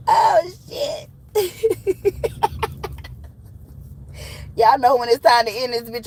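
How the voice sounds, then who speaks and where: A woman with a fairly high voice gives a casual livestream tarot reading. She talks bluntly, swears freely and breaks into laughter as she teases her viewers. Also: expressive, extremely slow, pauses often, a little mellow, a little hiss or hum, low-quality recording. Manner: blunt, profane, laughs often, playful and teasing. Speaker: tarot reader.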